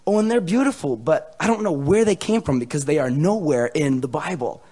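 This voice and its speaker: A young American man delivers a sermon with a somewhat high-pitched voice. He jokes with his audience in a lively way and swings from loud proclamations down to hushed, almost whispered lines. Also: brisk, breathy edge. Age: young adult. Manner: animated, joking, swings between loud and hushed. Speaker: pastor. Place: church hall with a live audience.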